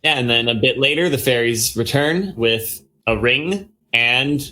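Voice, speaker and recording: A man describes his character's moves at a tabletop role-playing session. His speech is hesitant and full of fillers. His voice sits at an average pitch. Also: a little slow, bright, forceful tone. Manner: hesitant, filler-heavy narration. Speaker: player. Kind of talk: tabletop role-play narration.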